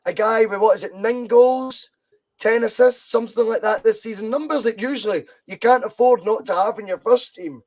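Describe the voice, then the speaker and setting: This Scottish podcast host talks football casually at normal speed, his high-pitched voice carrying a darkish tone. He's blunt, swears freely, and argues his opinions forcefully.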